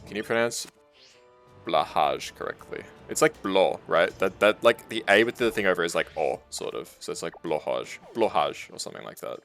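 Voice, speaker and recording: A man's voice: low-pitched, fast talker, creaky, few pauses, fairly bright tone, faint music behind. A young Australian man, a streamer casually chatting with his live chat while gaming, reading messages aloud and laughing often.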